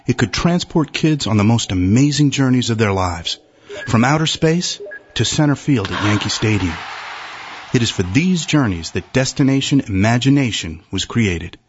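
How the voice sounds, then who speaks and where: A man's voice: mid-range voice, slightly rough. A man giving a storytelling narration for a radio advertisement. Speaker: voice-over announcer. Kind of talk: scripted ad narration. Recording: dull lo-fi radio audio.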